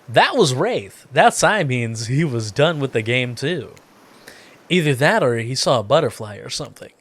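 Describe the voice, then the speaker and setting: A man's voice: medium pitch, sing-song, unhurried. A man playing a dating sim as a gaming creator, reading the text aloud with playful, theatrical commentary. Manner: playful, theatrical, laughs often. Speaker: gaming YouTuber.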